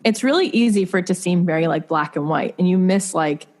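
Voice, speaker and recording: A woman's voice: lowish voice, brisk, a little mellow. A woman in her thirties, a podcast guest, telling candid personal stories in an earnest, confiding way with many likes and restarts. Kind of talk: candid conversational storytelling.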